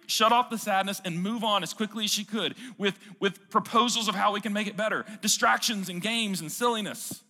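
A man preaches in a high, bright voice. He talks earnestly and conversationally and keeps asking the room questions. A long hall reverb trails each phrase. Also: normal speed. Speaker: pastor. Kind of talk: sermon.

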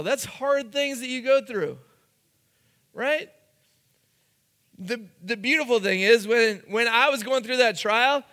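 A man's voice: sits high, pushed and bright, long reverb tail. A man preaching a youth sermon, telling a funny school story and acting out the quotes. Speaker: youth pastor.

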